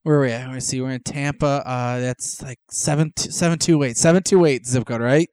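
A man's voice: mid-range voice, steady tone, a little fast, darkish tone, clean tone, no echo. A man co-hosting a podcast in casual comedic banter, stammering, laughing and sounding incredulous. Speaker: podcast co-host.

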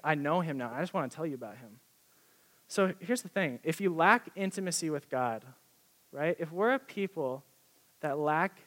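Excitable young male preacher, slightly high voice. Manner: excited, conversational, with many "like" fillers. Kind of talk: sermon.

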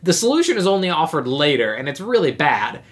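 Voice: medium pitch, sing-song, fairly quick. A podcast co-host in casual chat about a movie, rambling and hesitant with many restarts.

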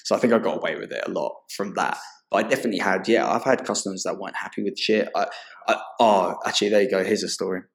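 A man's voice: low voice, quick pace, creaky. A young English man, a barber guest, telling rambling stories full of swearing in a casual chat. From England.

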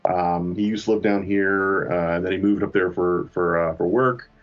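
A man's voice: low-pitched, steady tone, moderate pace, lo-fi sound. A man casually telling a long, rambling, profane story about his trip, poking fun at himself. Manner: rambling, profane, self-mocking. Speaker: podcast co-host.

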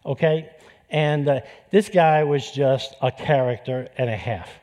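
A man's voice: mid-range voice, measured pace, a little mellow. A man preaching a sermon, telling personal stories in a conversational way. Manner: conversational, storytelling with restarts. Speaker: pastor.

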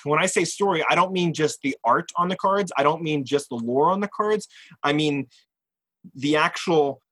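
A man, a game designer guest, talking earnestly in a casual interview with halting restarts. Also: on the high side, a bit bright, husky, no echo, low-quality recording.

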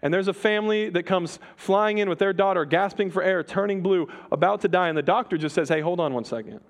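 A man delivering a sermon in a loose, conversational way. He talks to the congregation like friends and slips into quick quoted voices to make a point. His voice sits a little on the high side. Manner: conversational, animated, acts out quoted voices with laughs. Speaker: pastor.

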